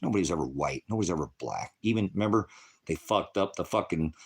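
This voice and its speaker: A man's voice: low voice, animated, fast, gravelly, slight background noise. A man from Oregon, an online preacher, ranting angrily and with heavy profanity at his livestream viewers. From Oregon, USA. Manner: angry, profane, combative.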